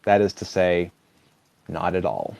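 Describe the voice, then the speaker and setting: A man's voice: deep voice, measured pace, creaky, a little mellow. A man giving a casual comic reading, wry and digressive, chuckling at his own asides. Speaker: social video reader.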